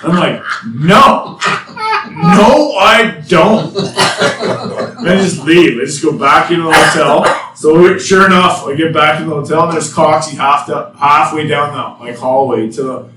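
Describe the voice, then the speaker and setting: Guy telling a rowdy story to his buddies, kinda high voice, swears a lot, sounds off-mic in a roomy space. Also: normal speed, distant mic, background noise. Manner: animated, swearing storyteller who gets loud at the punchlines. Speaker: podcast co-host telling a story. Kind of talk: casual storytelling chat among friends. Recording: echoey room, off-mic, faint ambience.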